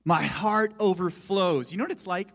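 A middle-aged man preaching a sermon, animated, moving between loud emphasis and hushed asides. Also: high voice, normal speed, vocal fry. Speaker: pastor. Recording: long hall reverb.

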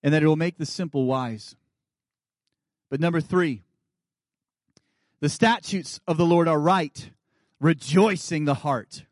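A man in his thirties preaching a sermon as guest pastor, earnest, often dropping to soft quiet asides. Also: on the high side, unhurried, long pauses, dry recording, studio quality. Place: church sanctuary.

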